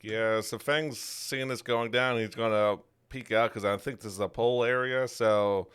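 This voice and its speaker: A man's voice: medium pitch, fairly even intonation, moderate pace, a bit bright, smooth. A man playing a tabletop game, animatedly describing his character's attacks and adding sound effects. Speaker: player.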